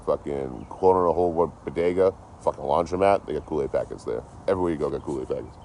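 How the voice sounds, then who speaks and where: A man's voice: extremely low pitch, fast talker, gravelly, dark tone, a little hiss or hum. A man from Detroit rambling casually and swearing a lot on an outdoor livestream, talking into his phone. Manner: rambling, heavily profane. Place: outdoors, by a road.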